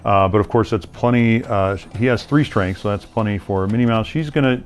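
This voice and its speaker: A man's voice: fairly low pitch, brisk. A man who co-designed a card game, explaining its rules as he plays and teasing his opponent in a playful way.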